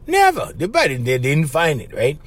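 A man hosting his own podcast in an animated, conspiratorial monologue. He keeps tossing in "bro" and "right?" as he talks. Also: high voice, moderate pace. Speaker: podcast host. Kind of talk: casual rambling monologue.

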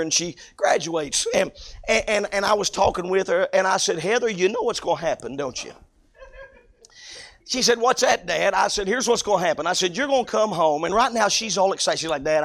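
Gravelly high-voiced preacher. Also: male voice. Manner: folksy storytelling with loud preaching bursts. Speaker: pastor. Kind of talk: sermon.

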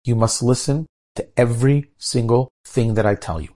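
A man voicing a calm, experienced male air traffic controller who gives steady, measured instructions. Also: mid-range voice, lightly acted.

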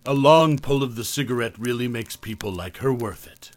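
Male storyteller, measured horror narration, dry close sound, mid pitch. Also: no echo.

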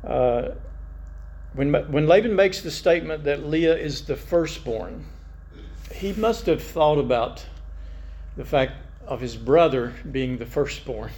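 A man's voice: a little high, expressive, takes it slowly, a little mellow. A male pastor preaching a conversational sermon, reading scripture aloud and musing over it.

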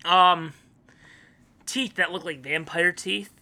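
A woman's voice: lowish voice, takes it slowly, sharp tone. A woman co-hosting a podcast in casual chat, acting out silly characters with big voices. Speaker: podcast co-host.

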